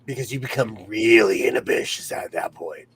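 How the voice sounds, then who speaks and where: A man's voice: fairly low pitch, animated, normal speed, fairly bright tone. A man from California hosting a sewing livestream, chatting casually, laughing often and reading the chat aloud.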